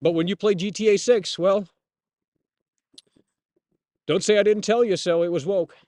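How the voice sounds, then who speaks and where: A man's voice: high voice, fairly even intonation, normal speed, darkish tone, no room sound, clean studio sound. A man hosting a live stream, ranting bluntly and with lots of swearing. He often repeats words and restarts his sentences. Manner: blunt, profane, opinionated. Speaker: streamer host. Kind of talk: casual live-stream rant.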